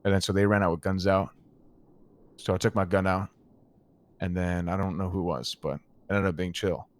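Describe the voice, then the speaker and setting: A man's voice: sits low, steady tone, fairly quick. A man in character in an online roleplay, telling a heated, profane story to a friend. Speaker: roleplay gang member recounting events.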